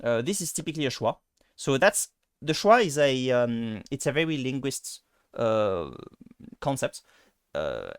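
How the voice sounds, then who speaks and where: Man, French accent, pronunciation teacher, hesitant, filler-heavy, mid pitch, dry close sound. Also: dry recording. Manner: hesitant, many fillers and restarts. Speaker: language teacher. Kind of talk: casual pronunciation lesson.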